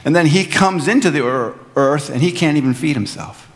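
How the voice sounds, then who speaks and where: A pastor delivers his sermon in an earnest manner, pressing home his points with repeated lines. His voice sits a little high for a man. A long reverb from the church hall trails behind each phrase. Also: lively intonation, moderate pace. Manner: earnest preaching, builds to emphatic repeated lines. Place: church sanctuary.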